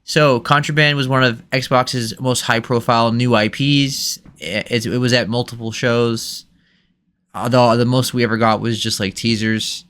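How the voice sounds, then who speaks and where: A man hosting a casual gaming podcast, running through the news in a relaxed, lightly joking way. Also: mid-range voice, unhurried. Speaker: podcast host.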